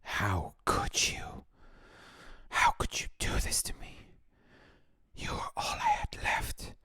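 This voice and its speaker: A man's voice: slow, bright, forceful tone, dry recording, clean studio sound. A man reading a heartbroken young woman's lines from a game aloud as whispered role-play, pleading and blaming herself. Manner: pleading, self-reproaching, breaks into unvoiced whisper.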